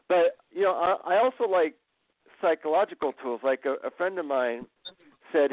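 A man, a guest author, telling relaxed stories in a casual interview. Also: fairly high pitch, normal speed, dry recording. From America. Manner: relaxed anecdotal storytelling. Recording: tinny phone line.

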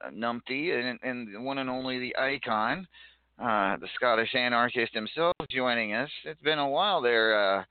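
A man's voice: medium pitch, no room sound. Man hosting over a tinny line. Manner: jokey, rambling, stumbles over words. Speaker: show host. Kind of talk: casual online radio show hosting. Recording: dry, tinny phone-like line.

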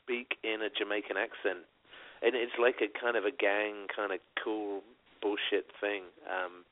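An English man co-hosting a relaxed radio chat, his voice a little low and his humor dry and quick. The sound is thin and phone-like. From England. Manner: dry, joking, quick asides. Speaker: co-host. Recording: tinny phone-like line.

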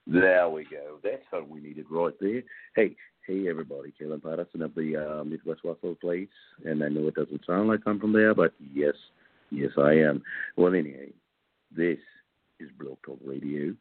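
A man's voice: rumbling low, normal speed, dry recording. A man hosting a casual talk radio show, joking and rambling playfully. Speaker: host. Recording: dry tinny phone line.

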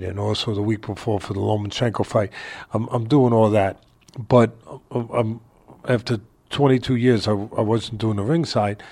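An older man, a boxing trainer, telling a story in a casual interview from his home, animated and laughing as he talks. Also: on the low side, vocal fry. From New York area.

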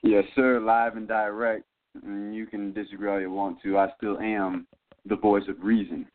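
A man's voice: fairly low pitch, flat delivery, normal speed. A man from Atlanta co-hosting a casual sports talk show, confident and emphatic. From Atlanta, US South. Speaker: co-host. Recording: tinny phone line.

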